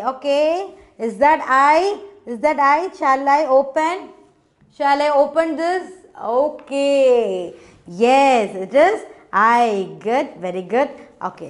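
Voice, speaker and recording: High-voiced woman teacher, slow, patient and coaxing, for a kids' phonics lesson. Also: animated. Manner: coaxing, repeats words and asks children to say them loudly.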